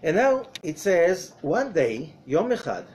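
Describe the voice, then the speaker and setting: Man, rabbi, Zohar lesson, conversational, rhetorical questions, animated pitch. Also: takes it slowly. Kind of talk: Torah study lesson.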